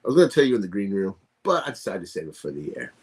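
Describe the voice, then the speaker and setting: A middle-aged man co-hosting a podcast who tells stories with animated, casual energy. His voice sits low and has a husky edge. He talks loosely and swears now and then. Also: racing. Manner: animated storyteller, casual and profane. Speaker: podcast co-host.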